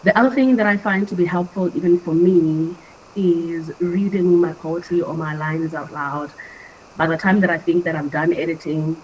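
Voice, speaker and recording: A woman's voice: fairly low pitch, steady tone, normal speed, muffled recording, slight background noise. A young adult woman from Africa presenting an online poetry workshop in an earnest, conversational way with frequent fillers.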